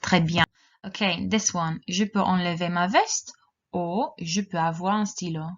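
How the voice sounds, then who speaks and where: Lady teacher, lowish voice, slow careful instructions for kids, kinda muffled audio. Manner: slow, clear, encouraging instructions. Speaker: language teacher. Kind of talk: recorded classroom lesson for children. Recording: dull lo-fi recording.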